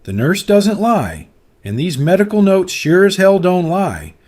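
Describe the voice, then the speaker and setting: A man playing a calm, pressing TV host. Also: sits high, measured pace, voice pushed up, full character voice. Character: calm, pointed male TV host pressing questions.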